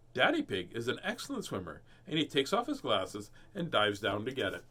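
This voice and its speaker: A man's voice: lowish voice, big pitch swings, brisk, few pauses, sharp tone. A man hosting a casual children's book read-aloud, playful and jokey, laughing often and chatting between pages. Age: adult parent. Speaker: host reading children's books.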